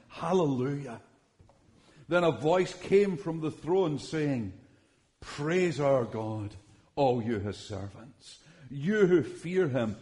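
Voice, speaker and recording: A man reading Bible passages aloud in a measured, solemn way, pausing between phrases. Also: fairly high pitch, a little mellow. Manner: measured, solemn delivery with long pauses. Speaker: scripture reader. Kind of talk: slow, deliberate Bible reading.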